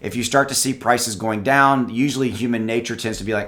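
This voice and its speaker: A man's voice: on the low side, fairly quick, hardly any pauses, a bit bright. A man vlogging casual investing advice to his viewers, talking loosely with many restarts and calling them guys. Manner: conversational, repeats words, addresses viewers as guys. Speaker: crypto YouTuber. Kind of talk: casual direct-to-camera advice. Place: home with dogs.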